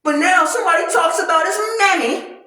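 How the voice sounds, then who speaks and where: A man with a high voice vents in a loud, heated, profane rant. He talks while working out, so his voice comes from far across a room. The room is very echoey. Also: a little fast. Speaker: commentary vlogger. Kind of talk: ranting commentary while working out. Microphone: no clip-on mic, distant from the recorder.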